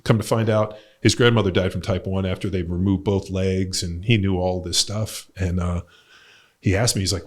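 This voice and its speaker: Low-pitched and fairly even in intonation, this middle-aged man speaks at a normal speed. He's a podcast host and coach, and his casual chat wanders, with plenty of fillers and blunt cursing.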